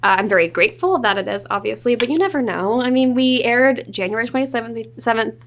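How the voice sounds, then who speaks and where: A woman's voice: a little high, fast, a little hiss or hum. A woman in her twenties, a guest in a studio interview, chatting casually and acting out little quotes as she tells stories. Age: 20s. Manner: animated storytelling with acted-out quotes. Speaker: actress guest.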